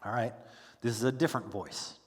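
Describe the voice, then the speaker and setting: A man teaching a Bible study class in a relaxed, conversational way, full of fillers and restarts, who stops to ask his class questions. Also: medium pitch, a little fast, long reverb tail. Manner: casual, with frequent fillers and restarts. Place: church classroom.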